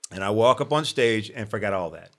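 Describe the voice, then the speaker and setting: A man from Omaha, an actor and comedian, telling animated anecdotes as a podcast guest and acting out other people's lines. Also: on the low side, a little fast. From Omaha, Nebraska. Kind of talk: casual storytelling.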